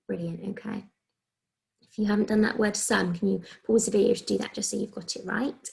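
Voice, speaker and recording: Her voice is medium-pitched, steady and darkish, carrying an English accent. She's a primary school teacher in a recorded phonics lesson, speaking slowly and clearly to young children as she sounds out letters.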